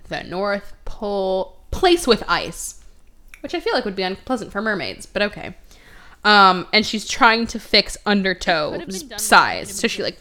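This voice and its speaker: A young woman hosting a podcast in casual chat, sarcastic, often slipping into quick mocking voices for characters. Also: mid-range voice, sharp tone, clear, resonant tone. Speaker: podcast host.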